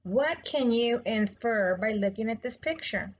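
A woman, a third grade teacher, reading a children's novel aloud slowly, clearly and expressively. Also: fairly high pitch, lively intonation, muffled recording. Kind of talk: storybook read-aloud.

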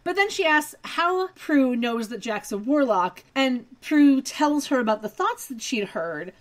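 A woman's voice: high voice, lively intonation, unhurried. Chatty woman recapping an episode. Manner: chatty, detailed, wry asides. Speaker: podcast co-host recapping a TV episode. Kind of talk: casual recap chat.

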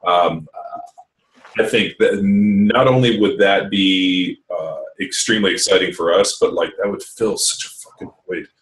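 A deep-voiced man talks loosely on a podcast, rambling through fillers and dropping curse words as he goes. His voice sits a little back from the microphone, so it sounds slightly distant. The pace stays easygoing and conversational. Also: unhurried, a bit bright, echoey room. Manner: rambling and profane, lots of fillers. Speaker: podcast host. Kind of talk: casual podcast chat.

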